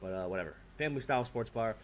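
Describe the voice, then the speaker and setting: A man's voice: fairly low pitch, animated, very fast. A man co-hosting a podcast, telling a story in a loose, profane way with lots of fillers. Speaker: podcast co-host. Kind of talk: casual chat.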